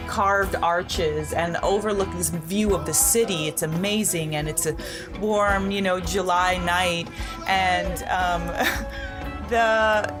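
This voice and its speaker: A middle-aged woman, a podcast guest, telling a personal story in a rambling casual way, full of fillers and frequent laughter. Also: medium pitch.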